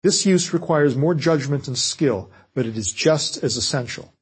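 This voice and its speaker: A man giving a measured, scripted lecture on writing fiction. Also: on the high side, slightly rough. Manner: measured, explanatory delivery.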